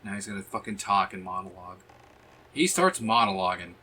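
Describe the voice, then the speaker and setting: A man with a lowish voice and a bright, forceful edge talks his way through a game stream. He rambles, thinks aloud and curses freely. A faint hum of noise sits behind him. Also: lively intonation, fairly quick. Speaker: streamer playing a video game. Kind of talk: casual gameplay commentary.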